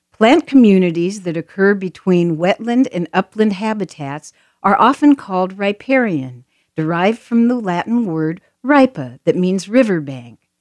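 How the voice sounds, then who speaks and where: A woman's voice: on the low side, a little mellow, no room sound, clean studio sound. A woman reading scripted audio tour narration in an inviting way, pointing out sights to listeners.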